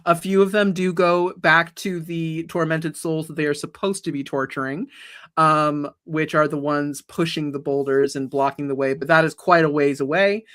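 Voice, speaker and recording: A woman narrates a tabletop game as its game master. Her voice is low and slow, and she pauses often, filling the gaps with ums and uhs as she thinks. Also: a bit bright. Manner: hesitant, many fillers.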